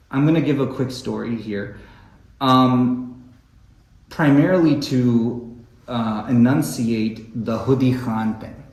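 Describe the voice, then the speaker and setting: A man's voice: mid-range voice, slow pace, long pauses, darkish tone. Impassioned male lecturer, roomy echo. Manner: impassioned, tag questions "right?". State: emotional, clearing throat. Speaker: lecturer on poetry. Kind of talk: religious study lecture.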